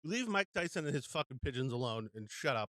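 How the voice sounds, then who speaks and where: A man's voice: mid-range voice, expressive, fast talker, sharp tone, no echo. A man as a podcast guest in casual chat, laughing often, swearing and saying bro.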